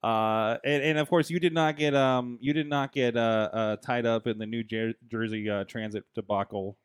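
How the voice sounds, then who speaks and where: A man's voice: mid-range voice, fairly even intonation, moderate pace, smooth, no room sound, clean studio sound. Man hosting a casual talk show. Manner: hesitant, many fillers and restarts, asks prompting questions. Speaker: podcast host. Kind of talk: casual chat.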